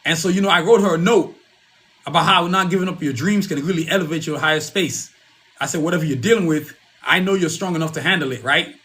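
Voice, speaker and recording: Male podcast host, bright and fairly high voice, loose rambling solo talk. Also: fast talker. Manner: rambling, repeats himself, calls the audience "y'all".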